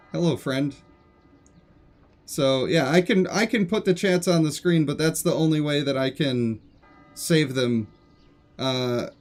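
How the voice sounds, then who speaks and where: A man's voice: mid-range voice, a little mellow. A man streaming a game live, chatting casually and joking with his viewers. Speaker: gaming streamer.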